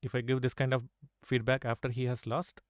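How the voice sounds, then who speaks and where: A man's voice: medium pitch, flat delivery, fairly quick, no echo, studio quality. A man teaching a live chess lesson, coaxing his students with rhetorical questions and constant "right?" and "okay?" checks. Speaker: chess coach.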